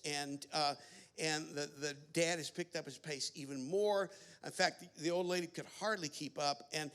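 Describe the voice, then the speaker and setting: A man's voice: on the high side, a bit bright. A man giving a sermon at a family camp, telling a story with many fillers and restarts. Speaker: camp speaker.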